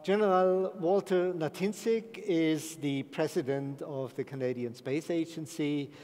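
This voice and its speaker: A man moderating a panel, introducing speakers in a slow, easygoing way. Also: on the high side, dark tone. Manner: slow, easygoing, light self-deprecation. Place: large conference hall. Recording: echoey large hall.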